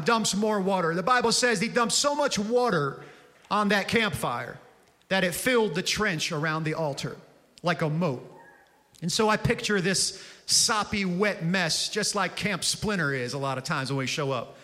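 Bright-voiced man preaching with fire. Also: high voice, a little slow. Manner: storytelling, building to shouted exhortation. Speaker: pastor. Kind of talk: sermon.

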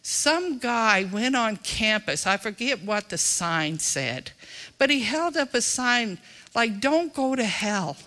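Bright-voiced preacher with a drawl. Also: mid-range voice, expressive, takes it slowly. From Texas. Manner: folksy, emphatic, swings between loud and hushed. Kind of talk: sermon.

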